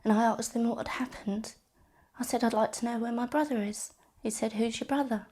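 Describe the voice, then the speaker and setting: A woman interviewed as a bereaved sister, telling her story haltingly, with repeated words and restarts. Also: on the high side, fairly even intonation, mellow, a little hiss or hum. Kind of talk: personal testimony interview.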